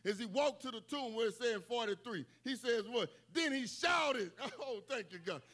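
Male preacher, high ringing voice, emphatic sermon delivery with casual humor. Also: expressive, normal speed, hardly any pauses, faint music behind. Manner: emphatic, repetitive call-outs, bursts of shouting.

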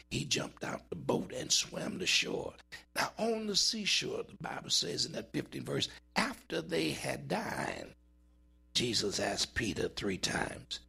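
Gravelly, dramatic male preacher. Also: sharp tone. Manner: dramatic preaching, swinging pitch, drawn-out emphasis. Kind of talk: sermon.

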